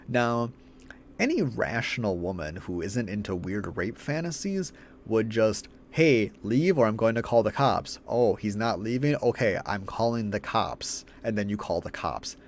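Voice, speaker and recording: A man's voice: low voice, slight background noise. A man ranting through a film review in a profane, exasperated way.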